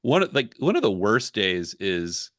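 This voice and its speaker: A man with a low voice talks through his work in a relaxed podcast chat. He is candid and reflective. His sound is dry and close, with no room around it. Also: a little slow, dry recording. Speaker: ghostwriter guest. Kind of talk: casual podcast conversation.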